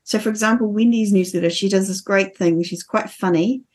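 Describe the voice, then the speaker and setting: A woman's voice: medium pitch, a little fast, a little mellow, husky. Chatty woman co-host, rambling restarts. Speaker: podcast co-host. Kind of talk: casual chat.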